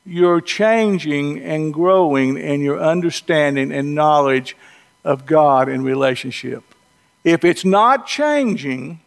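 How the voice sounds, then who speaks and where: A man's voice: fairly high pitch, gravelly. A man with a Southern US accent preaching a sermon in a folksy, conversational storytelling way with humorous asides. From Southern US, North Georgia or North Alabama.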